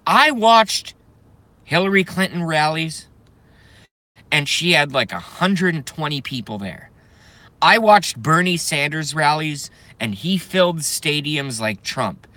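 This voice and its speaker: A man from the United States delivering an angry, profane rant to camera, breaking into shouted bursts. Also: a little high, lively intonation, takes it slowly, dry recording. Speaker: vlogger.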